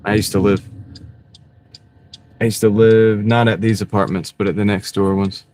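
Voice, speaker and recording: A man chatting casually on a live stream while he drives deliveries, greeting viewers by name in a relaxed, rambling way. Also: on the low side, normal speed. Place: inside a moving car. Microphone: wireless clip-on mic. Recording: clear car road noise. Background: car and road noise.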